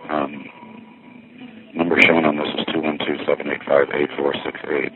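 A man's voice: extremely low pitch, level tone, moderate pace, soft background music. A man, a little winded, rambling wryly as he walks through a busy ferry terminal. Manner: wry, chatty, thinking aloud. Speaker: payphone vlogger. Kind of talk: rambling first-person walkthrough. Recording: tinny lo-fi with faint background noise.

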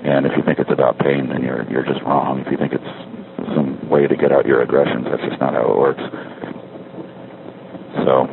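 This middle-aged man's voice rumbles low with a level tone, normal speed, vocal fry and long pauses. He rambles wryly from a street payphone, leaving a spoken diary and correcting himself as he talks, on a tinny line with faint street noise.

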